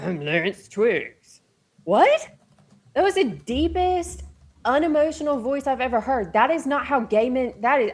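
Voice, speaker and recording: A woman hosting a casual opinion commentary, talking emphatically and hedging her claims as she goes. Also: a little high. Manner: emphatic, animated, hedging with "allegedly". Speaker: commentary host.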